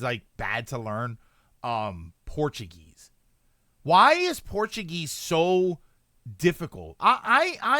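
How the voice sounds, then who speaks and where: Lively, bright-voiced man streamer. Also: a little high, no echo, studio quality. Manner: chatty, rambling, self-correcting, lively. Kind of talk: casual chat while gaming, answering chat.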